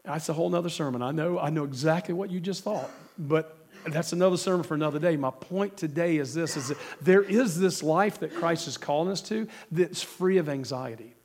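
A man's voice: fairly high pitch, a little fast, a little mellow. A male pastor with a cold preaching a sermon, emphatic and asking the congregation questions. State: has a cold.

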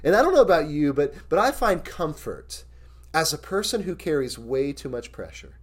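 Earnest pastor preaching, slightly high voice. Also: male voice, sing-song. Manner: earnest, candid and personal; reads scripture slowly and deliberately. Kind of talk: sermon.

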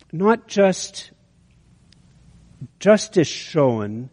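A man's voice: medium pitch, slow pace, long pauses. Guy preaching, tells a long story, stumbles and restarts a lot, big echoey hall. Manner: storytelling, animated with many restarts. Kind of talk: sermon illustration.

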